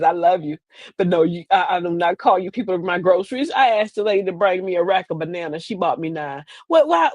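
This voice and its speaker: A woman's voice: on the low side, darkish tone, dry recording. A woman, hosting a streamed show in a sassy, rambling comedic monologue. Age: 50s. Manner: chatty, sassy, rambling with repeated phrases.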